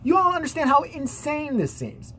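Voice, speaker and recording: Woman vlogger, sarcastic, swears, lively swinging pitch, faint ambience. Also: moderate pace, a little hiss or hum. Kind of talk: casual profane commentary.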